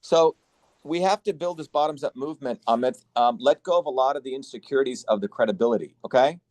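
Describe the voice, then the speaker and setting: Blunt, forceful man lecturing, dry sound. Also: mid-range voice, fast, no echo. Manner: forceful, blunt, swears for emphasis. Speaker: symposium host and educator. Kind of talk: lecturing on a video call.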